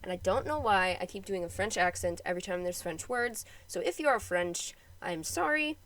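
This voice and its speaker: A woman's voice: medium pitch, a bit bright, rough recording. A woman narrates a history episode for her own podcast, reading from a script. She keeps slipping into casual, joking asides between the read passages. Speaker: podcast host.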